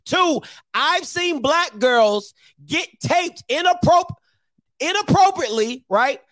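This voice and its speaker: A man's voice: very high-pitched, lively intonation, slow, a bit bright, no room sound. A man hosting a call-in show, talking bluntly and confrontationally and repeating his phrases. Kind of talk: heated call-in commentary.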